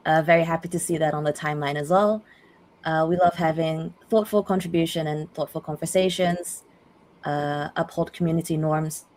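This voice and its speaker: A woman with a hosting a casual online community call, upbeat and quick to laugh, with fillers. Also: deep voice, steady tone, darkish tone.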